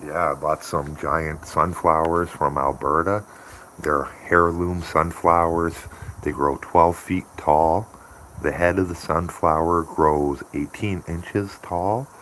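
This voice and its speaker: A man's voice: extremely low pitch, fairly even intonation, takes it slowly, a bit bright, a little hiss or hum. A man chatting casually on a morning live stream, rambling and laughing often. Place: home by a window.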